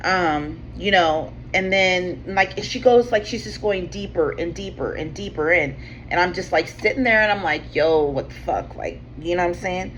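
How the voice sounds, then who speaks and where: Speaking at normal speed with a fairly low, fairly bright voice, this woman hosts a tarot channel and tells a rambling, casual story. Fillers like "like" and "you know what I'm saying" pile up, and she swears freely. The recording is slightly dull with faint room ambience and slight background noise.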